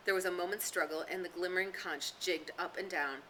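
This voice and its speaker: A woman tutor reading a novel aloud with steady, expressive storytelling. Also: lowish voice, fairly quick, slight background noise. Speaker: reader and tutor.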